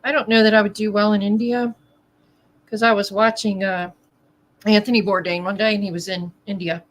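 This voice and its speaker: A woman co-hosting a casual chat, expressive and quick to laugh, with a husky voice. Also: mid-range voice. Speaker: podcast co-host.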